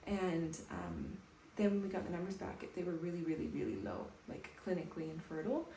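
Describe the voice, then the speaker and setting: Woman vlogging at home, calm and soft, slight fry, roomy echo, faint hiss behind. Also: on the low side, a little fast. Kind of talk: personal vlog talking to camera. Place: bathroom at home, indoors. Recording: echoey room with faint background noise.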